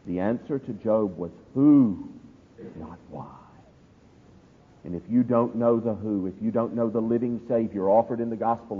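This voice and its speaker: A man preaching a sermon, building to loud climaxes and then dropping to near hushes. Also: lowish voice, normal speed. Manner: impassioned preaching, swinging from loud climbs to hushed drops. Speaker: pastor. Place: church. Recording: husky voice over a tinny, echoey hall line.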